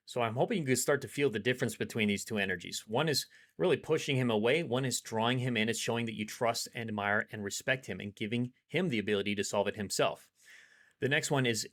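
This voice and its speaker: A man giving dating advice in a calm, steady, coaching monologue. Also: mid-range voice, brisk. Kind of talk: instructional monologue.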